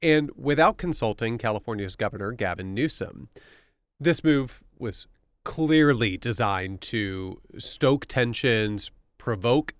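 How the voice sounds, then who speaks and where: A man hosts a talk podcast with an easygoing, conversational delivery. He often hesitates a little and laughs along with his co-host. His voice is mid-pitched and recorded dry and close. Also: expressive, slow pace, no room sound. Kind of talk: casual political chat.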